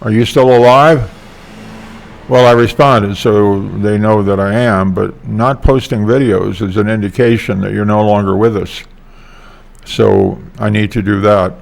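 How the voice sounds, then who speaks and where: Gravelly older man rambling on. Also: fairly low pitch, fairly even intonation, unhurried. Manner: hesitant, meandering with many fillers. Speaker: vlogger. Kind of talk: casual rambling monologue.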